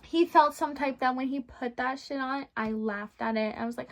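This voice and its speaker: A young woman vlogger telling a storytime rant in a blunt, profane, animated way. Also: on the high side, normal speed, hardly any pauses.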